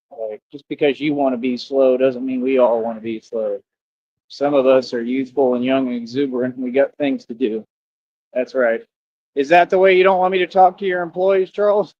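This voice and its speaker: A man's voice: mid-range voice, moderate pace, dry recording, highs cut off. A man live-streaming, boastful and confrontational as he talks back to commenters in a casual rant.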